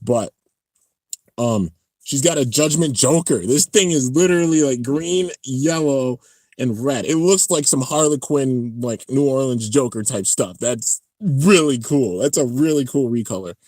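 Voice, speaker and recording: A man hosting a casual live-stream reaction, talking excitedly and rambling as he comments on an episode. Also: medium pitch, a little slow, no echo, studio quality. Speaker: channel host reacting to an anime episode.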